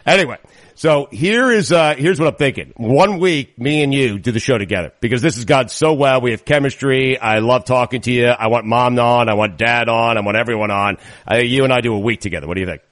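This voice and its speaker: A man hosting a casual podcast chat, playful and pitching ideas with plenty of fillers. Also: fairly quick, fairly bright tone, dry recording. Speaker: podcast host.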